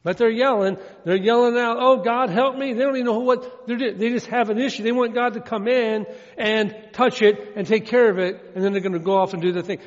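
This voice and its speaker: A man preaches in a plain, folksy way, saying his points again and again and slowing down on the verses he quotes. His voice sits high for a man. The sound is dull and lo-fi, with a long reverb trailing behind him. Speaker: pastor. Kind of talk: sermon.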